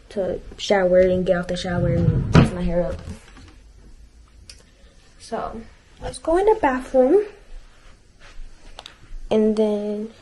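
A teenage girl vlogs at home, moving between her bedroom and bathroom, rambling casually with lots of fillers and sometimes venting her frustration. Her voice is mid-range and dark-toned, and the camera mic gives a rough recording.

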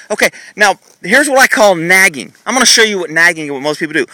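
A blunt, sarcastic man explains horse training as he rambles on. His voice sits high for a man and rings very bright. The sound is dry, from a phone filming outdoors in a paddock. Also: lively intonation, quick pace, few pauses, no echo, poor audio. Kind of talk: casual teaching vlog. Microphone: phone camera held while filming.

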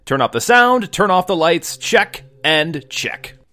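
Casual gameplay commentary comes from a young host who jokes around and addresses his audience as folks while playing, speaking into a desk mic. He has a high-pitched, sing-song voice with a sharp tone and a slow pace.

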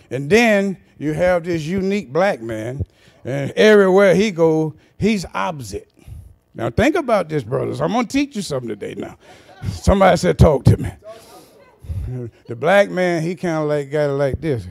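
Male pastor, high gravelly voice, folksy sermon that swells into sung shouts. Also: sing-song, moderate pace. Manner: folksy, chuckling preaching that builds to shouted, sing-song cadences.

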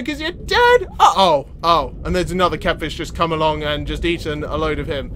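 A young man giving excitable gameplay commentary, often yelling and laughing. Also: a little high, normal speed, few pauses, slight background noise. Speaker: gaming video host.

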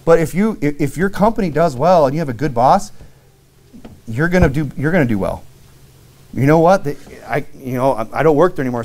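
Speaking in a fairly high, slightly mellow voice, this middle-aged deacon delivers a relaxed, story-driven sermon in a church sanctuary. He recalls his former jobs and keeps dropping in "you know" and asking "right?".

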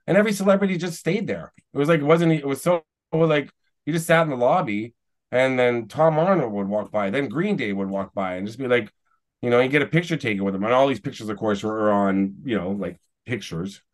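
A man's voice: mid-range voice, a little fast. A man in his forties from Canada, a podcast guest rambling through stories in casual chat. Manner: rambling storyteller, restarts, chuckling asides. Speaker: podcast guest, celebrity YouTuber.

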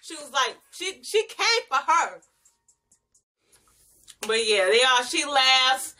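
A woman's voice: high voice, sing-song, slow pace, pauses often, bright, forceful tone, a little hiss or hum. A young woman, reviewing a reality show in casual, slangy chat and laughing often.

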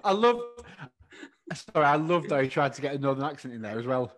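A man's voice: mid-range voice, animated, a little fast. A man co-hosting a podcast, telling playful stories in a casual, joking chat. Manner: playful storyteller. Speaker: podcast co-host.

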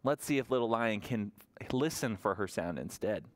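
A man leading a library toddler story time, singing action songs and reading aloud in an animated sing-song way to small children. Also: on the low side, moderate pace.

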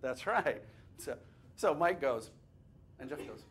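A man's voice: medium pitch, slow pace, slight background noise. A man presenting a teacher training workshop, talking conversationally, joking and asking the audience questions. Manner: lively, conversational, asks the audience questions, jokes. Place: classroom or workshop room with a live audience.

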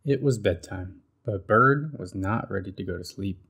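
A man reading a children's picture book aloud with expressive storybook delivery. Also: on the low side, normal speed, creaky, husky.

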